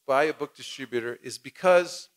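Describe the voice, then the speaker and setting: A man teaching a lively seminar to an audience, acting out short dialogues and having the crowd repeat lines after him. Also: mid-range voice, normal speed. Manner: animated, acts out little dialogues, leads the crowd in repeating. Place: cultural center hall with audience.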